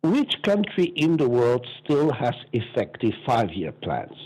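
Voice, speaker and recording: Interview guest: older man, lively delivery with big pitch swings, slightly husky. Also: a little slow, rough recording. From Belgium. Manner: lively, acts out quoted voices, laughs often. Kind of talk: animated anecdotal storytelling.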